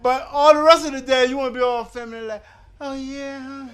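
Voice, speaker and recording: A man in his fifties with a strikingly high, bright, forceful voice works a comedy crowd on stage. His stand-up set rambles loosely, full of asides and restarts. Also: steady tone, fast, a little hiss or hum. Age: 50s. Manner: loose rambling delivery with crowd work and acted-out quotes.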